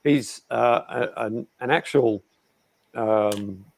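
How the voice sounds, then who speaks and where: A man's voice: mid-range voice, slow pace, vocal fry, a little mellow. A man with an Australian accent, co-hosting a podcast in rambling casual chat with many fillers. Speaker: podcast co-host.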